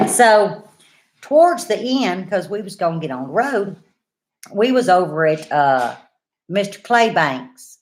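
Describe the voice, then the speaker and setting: An older woman, chatting and telling stories to her viewers in a folksy, down-home way. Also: lowish voice. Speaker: homesteading channel host. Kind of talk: casual chat and storytelling to viewers.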